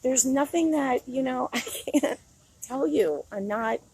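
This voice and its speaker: A woman's voice: high-pitched, slow pace, dark tone, husky, no echo, poor audio. A middle-aged woman on a casual outdoor phone livestream, talking candidly and rambling, often breaking into laughter. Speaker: vlogger. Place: outdoors in a city.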